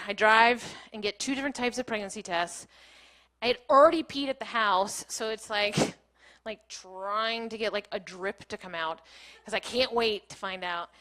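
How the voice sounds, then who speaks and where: A woman's voice: medium pitch, a bit bright. A woman in her thirties giving a candid storytelling talk on a small stage, laughing often and saying "like" a lot. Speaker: keynote speaker.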